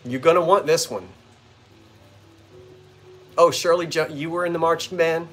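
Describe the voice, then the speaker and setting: A man's voice: fairly high pitch, normal speed, a bit bright, soft background music. A man hosting a vintage-goods live stream from a house's front porch, chatting playfully and joking with his viewers. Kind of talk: casual live-stream chat. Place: front porch of an old bungalow at sunset.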